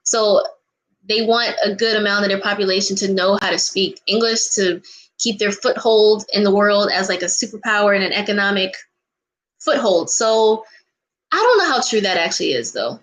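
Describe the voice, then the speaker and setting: A woman's voice: medium pitch, expressive, moderate pace, fairly bright tone, poor audio. A young woman vlogger chatting casually and answering viewer questions, bubbly and giggly, gushing, humming and singing snatches of songs. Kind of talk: casual chat.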